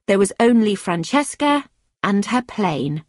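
A woman reading a story aloud in a steady, clear storytelling manner. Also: medium pitch, a little slow, no room sound, studio quality. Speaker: narrator.

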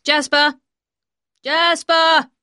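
A woman voicing a calm, guarded grown man in a storybook reading, lowering her voice and speaking curtly and firmly. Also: fairly quick, no room sound, clean studio sound, lightly acted. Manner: lowered voice, curt and firm.

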